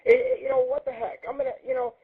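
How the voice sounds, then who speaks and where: A man hosting a live internet radio show, talking in a loud, profane, manic ramble that jumps between topics. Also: very high-pitched, quick pace, breathy edge. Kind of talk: crude rambling monologue. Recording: muffled phone-like line.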